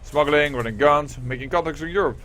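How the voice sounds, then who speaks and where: A man with a fairly high, fairly bright, natural voice reads game dialogue aloud at a fairly quick pace. He puts on an Irish accent to voice a brash, defiant woman who used to be a smuggler, sounding slangy, blunt, and swaggering.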